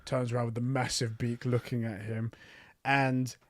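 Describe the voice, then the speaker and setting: A man co-hosting a podcast, talking in an animated, casual way with lots of restarts and the odd swear. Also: medium pitch, moderate pace, dry recording, clean studio sound. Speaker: podcast co-host. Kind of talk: casual chat.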